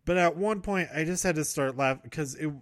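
A man's voice: a little high, fairly quick, no echo, clean studio sound. A man casually recapping wrestling events, rambling, correcting himself and laughing often.

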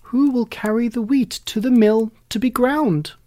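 A storyteller voicing a small, hardworking hen who calls out brightly in a raised, higher voice. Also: very animated, slow pace. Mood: calling out. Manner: high, bright calling voice. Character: busy hardworking little hen, female, earnest.

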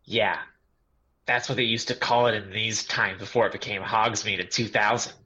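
A man reading a moody teenage goth boy and other parts in a comedic dramatic reading, with a flat, offhand delivery. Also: lowish voice, moderate pace, husky, low-quality recording. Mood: deadpan.

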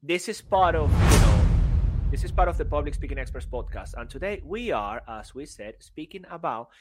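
A man co-hosting a podcast in casual banter, excitable and teasing, often laughing. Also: on the high side, normal speed, noisy background. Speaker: podcast co-host.

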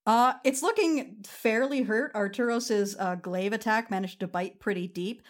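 A woman running a tabletop game as game master, relaxed and laughing, with many fillers. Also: mid-range voice, moderate pace.

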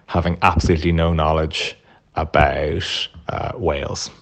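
A deep-voiced man tells a laid-back, wry story. His tone is low and unhurried, with a dry sense of humour. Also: little pitch movement, gravelly, fairly bright tone. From Ireland. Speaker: guest contributor. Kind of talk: storytelling anecdote.

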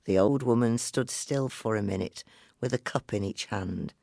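A man reading a story aloud in a measured, expressive way. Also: fairly low pitch, creaky, no room sound, studio quality. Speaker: narrator.

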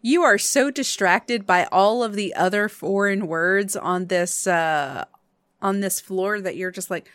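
A woman narrating a tabletop role-playing game as game master, describing scenes slowly. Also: medium pitch, a bit bright, no echo. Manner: slow, descriptive narration with laughs.

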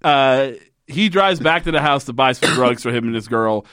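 A man co-hosting a podcast, recapping a show in loose, profane casual chat and acting out the characters' lines in quick voices. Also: medium pitch, animated, a bit bright, smooth, no room sound, clean studio sound. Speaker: podcast co-host.

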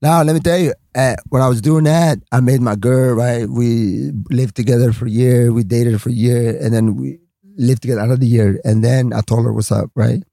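A male guest comedian tells a long story in casual chat at normal speed, with vocal fry and no room sound. He's animated and swears freely, acting out other people's voices with big jumps in pitch.

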